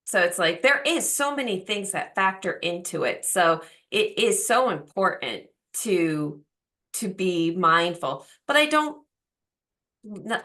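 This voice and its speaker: A woman's voice: on the low side, sharp tone. A woman in her forties hosting a podcast, talking openly and chattily with plenty of fillers. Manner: open, chatty, full of fillers. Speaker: podcast host. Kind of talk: casual chat.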